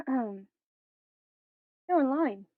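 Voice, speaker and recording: A woman with a fairly high voice narrates a tabletop game as game master, casual and quick to laugh. The sound is thin and phone-like, with a dry, close feel. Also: lively intonation, no room sound. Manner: laughs often, swears casually.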